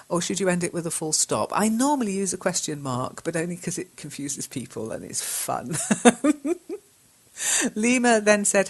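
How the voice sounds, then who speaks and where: A low-voiced woman talks through a lesson in a relaxed, chatty way. She reads learners' posts aloud, spells out capitals and full stops, and laughs easily between corrections. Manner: chatty and giggly, spells out punctuation, frequent ums. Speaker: English teacher reviewing learners' chat posts. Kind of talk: casual spoken lesson, reading out and correcting messages.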